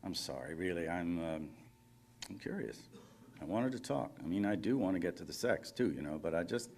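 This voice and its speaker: A man's voice: deep voice, animated, brisk, darkish tone, a little hiss or hum. A man reading fiction aloud, voicing a lonely middle-aged man who rambles and apologizes on a phone call. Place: conference reading room.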